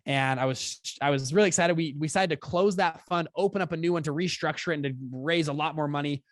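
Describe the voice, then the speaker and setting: Animated young man telling a story. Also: no room sound, clean studio sound. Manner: animated, quick storyteller who acts out quotes with big pitch jumps. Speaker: podcast guest, fund founder. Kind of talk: storytelling in conversation.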